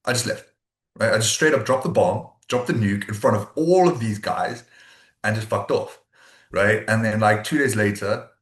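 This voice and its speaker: Brief: South African guy, low voice, straight-talking, swears, roomy echo. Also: moderate pace, fairly bright tone. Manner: blunt, swears freely, acts out quoted friends. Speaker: podcast co-host. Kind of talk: casual podcast chat. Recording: echoey room.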